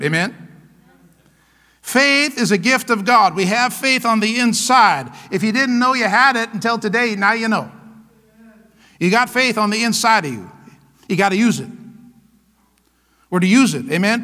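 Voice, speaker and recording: A man's voice: high-pitched, pushed and bright, big-room sound. A pastor preaching a sermon, emphatic and calling out to his congregation for answers. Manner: emphatic call-and-response preaching.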